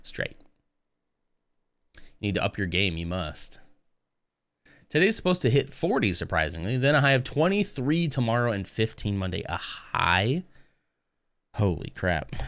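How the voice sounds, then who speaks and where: A man with a low voice talks casually on a live stream while he builds a model kit. He rambles and mutters to himself between stories. The sound is dry and close, with no room around it. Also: fairly bright tone, dry recording.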